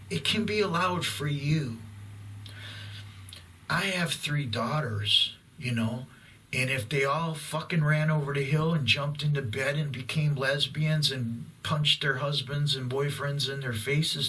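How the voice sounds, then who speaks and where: A middle-aged man delivers a profane ranting monologue to camera, blunt and intense. His voice is bright and forceful, picked up from a bit away from the mic with a faint hiss of background noise. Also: mid-range voice, recorded from a distance, poor audio. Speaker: vlogger.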